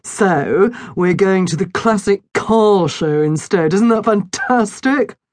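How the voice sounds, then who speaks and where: A woman's voice: mid-range voice, slow, a little mellow, no echo, natural voice. A woman voicing a fussy, slightly pompous middle-aged father in a children's audiobook. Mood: jolly. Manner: prim, lecturing.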